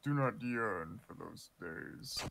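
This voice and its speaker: A man doing a gravelly, slow card king. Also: deep voice, expressive, very noisy, heavily acted. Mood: weary. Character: menacing male king of cards, weary tyrant. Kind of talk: fan voice-over of game dialogue.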